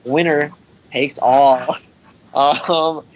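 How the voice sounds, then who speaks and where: A man's voice: a little high, steady tone, extremely slow, rough recording. A man chatting casually as a guest on a podcast, rambling through plans with jokes and frequent laughter. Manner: joking, rambling, laughs often. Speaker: podcast guest, event organizer.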